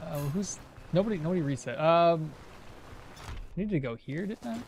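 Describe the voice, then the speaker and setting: Male streamer, higher voice, animated, casual rambling play-by-play chat. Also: moderate pace, slight background noise. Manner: rambling, self-correcting, chatting with viewers. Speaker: game streamer. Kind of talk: casual gameplay commentary.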